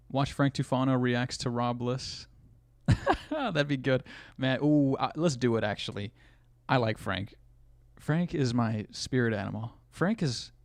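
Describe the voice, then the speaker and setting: A gravelly-voiced man riffs through a live reaction stream, mocking what he watches and laughing at chat. He sits close to a dry desk mic with a plain mid-range voice. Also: medium pitch, a little mellow, no echo. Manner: joking, crude, laughs often, reads chat aloud.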